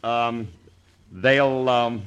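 A man's voice: medium pitch, fairly even intonation, very slow, highs cut off. A man acting as a brash, slangy, wisecracking bandleader in 1940s radio comedy, on a scratchy old recording.

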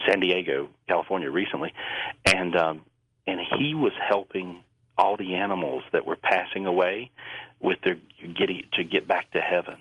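A man's voice: deep voice, normal speed, husky, dry recording, lo-fi sound. A man speaking as a psychic guest on a radio interview, earnest and rambling, often repeating words as he talks.

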